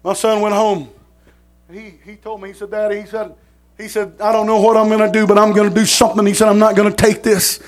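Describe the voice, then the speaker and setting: A middle-aged man, preaching a sermon in a folksy storytelling manner, repeating words and rising to shouts. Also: high-pitched, monotone, brisk.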